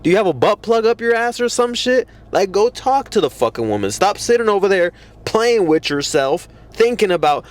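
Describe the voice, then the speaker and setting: Blunt, profane man giving advice. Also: on the high side. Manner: blunt and profane, mocking imitations. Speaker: dating advice vlogger. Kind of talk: casual advice monologue.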